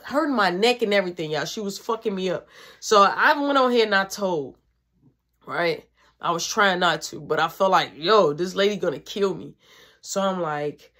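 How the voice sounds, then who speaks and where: A young woman telling a story in a casual vlog, animated and profane, acting out what people said. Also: medium pitch. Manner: animated, profane, acts out quotes.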